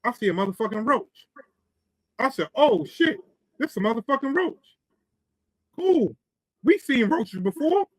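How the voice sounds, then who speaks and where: A man's voice: extremely high pitch, big pitch swings, unhurried, long pauses, no echo, rough recording. A man, co-hosting a podcast and telling a long, profane, rambling story. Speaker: podcast co-host. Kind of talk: casual storytelling.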